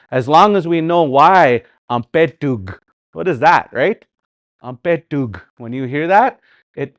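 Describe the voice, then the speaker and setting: A man with a Canadian Dakota community accent, teaching a live online language class in a relaxed, conversational way, repeating example words and going off on friendly asides. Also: on the high side, no echo. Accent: Canadian Dakota community English.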